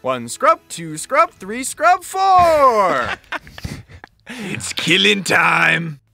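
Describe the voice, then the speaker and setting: A man's voice: sits high, sing-song, extremely slow, gravelly, faint music behind, voice pushed up, heavily acted. A man doing a shrieking, manic game announcer. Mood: manic taunting. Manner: wild yelling, cackling, taunting.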